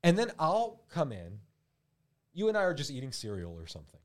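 A man's voice: fairly high pitch, brisk. A man co-hosting a comedy podcast, joking around in casual chat. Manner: animated, jokey, drops into mocking impressions. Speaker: podcast co-host.

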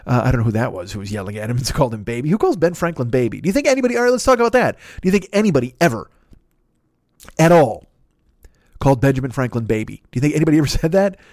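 Brief: man, 50s, host doing a profane, rambling comic rant, rapid, dry mic. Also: mid-range voice, sing-song, a little mellow, dry recording. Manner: profane, rambling, self-interrupting. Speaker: podcast host. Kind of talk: comedic rant monologue.

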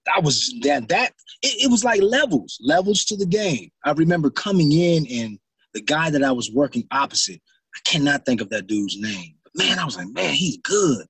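A man's voice: on the high side, big pitch swings, normal speed, fairly bright tone, husky, no echo. A middle-aged man, an actor, telling stories in an interview and acting out his own reactions. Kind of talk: interview storytelling.

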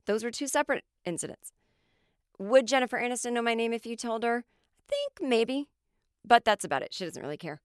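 An American woman hosting a podcast, telling comic stories in an animated way, swearing freely and acting out the people she quotes. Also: a little high, a little fast, clear, resonant tone, no room sound, studio quality. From United States. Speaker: podcast host, comedian. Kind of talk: comic storytelling monologue.

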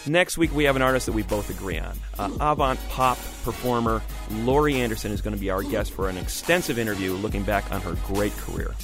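A man co-hosting a radio music review show, talking in an opinionated, emphatic way with quick restarts. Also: lowish voice, expressive. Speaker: music critic co-host. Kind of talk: casual radio review chat.

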